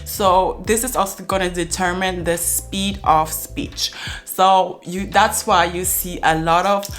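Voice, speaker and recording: A woman's voice: on the low side, steady tone, slow, fairly bright tone, soft background music. A young woman talking casually to camera as a language-learning vlogger, chatty and thinking aloud with fillers and restarts. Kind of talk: casual explanatory talk to camera.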